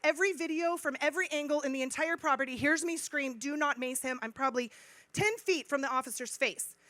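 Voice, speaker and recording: A middle-aged woman speaking at a conference, telling a personal story in an animated way, acting out dialogue and repeating phrases for emphasis. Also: high voice, dry recording. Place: conference stage.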